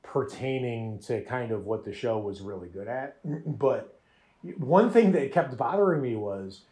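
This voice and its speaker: A man's voice: mid-range voice, animated, unhurried, mellow. A man hosting a podcast, chatting animatedly about a show with frequent laughs and restarts. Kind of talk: casual chat reviewing a show.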